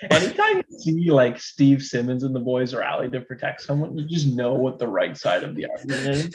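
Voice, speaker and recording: A man's voice: medium pitch, sing-song, brisk, low-quality recording. Co-host guy tossing in dry jokes, voice bouncing up and down. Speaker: podcast co-host. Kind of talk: casual sports podcast chat.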